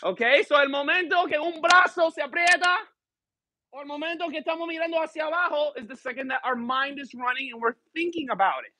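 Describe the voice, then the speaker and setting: A man's voice: very high-pitched, fast talker, bright, forceful tone, dry recording. A man teaching a live dance class, counting steps aloud and switching between English and Spanish while joking with students. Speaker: dance instructor. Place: dance studio.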